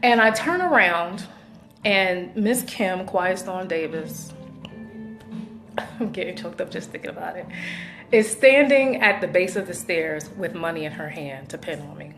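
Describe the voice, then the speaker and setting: A woman's voice: lowish voice, unhurried, over music. A woman hosting her own show, chatting casually and effusively to her viewers. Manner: effusive, chatty, thankful shout-outs. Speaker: show host. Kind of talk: casual video chat.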